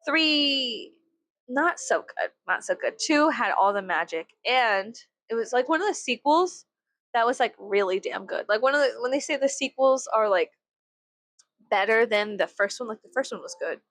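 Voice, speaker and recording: A woman's voice: a little high, expressive, moderate pace, fairly bright tone, dry recording. A young adult woman from the United States vlogging in a casual, rambling way, swearing freely and leaning on "like" as filler. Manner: rambling, profane, filler-heavy with frequent "like". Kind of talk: casual chat to camera.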